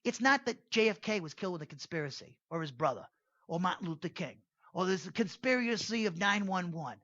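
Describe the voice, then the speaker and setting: A man's voice: high-pitched, animated, a little fast, bright, forceful tone, no room sound, dull audio. A man teaching an evening Bible study in a casual, digressive way, with restarts and asides.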